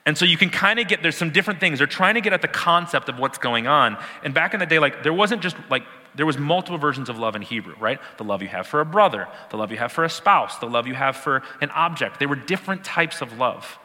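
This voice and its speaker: A man's voice: on the high side, lively intonation, quick pace, few pauses, bright, forceful tone, big-room sound. A man teaching a sermon, explaining words with emphatic repetition and the odd laugh. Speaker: preacher.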